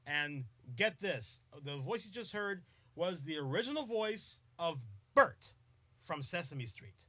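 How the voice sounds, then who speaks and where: Speaking slowly in a slightly high, sharp and very animated voice, a podcast host banters playfully with commenters in a casual live-stream chat. He frequently dissolves into giggles.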